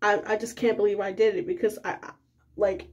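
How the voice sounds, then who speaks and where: A young woman telling a casual storytime, rambling and animated, with many fillers. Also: medium pitch, fairly quick, highs cut off. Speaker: vlogger.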